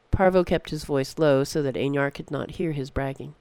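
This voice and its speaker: A narrator reading a story in a steady, measured way. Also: medium pitch, clear, resonant tone, no echo. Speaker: audiobook narrator.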